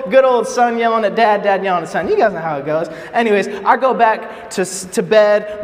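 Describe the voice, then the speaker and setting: A young youth speaker with a high voice preaches a storytelling sermon to a youth group and acts out the quotes in a lively, animated way. The recording comes from a reverberant hall with faint ambience.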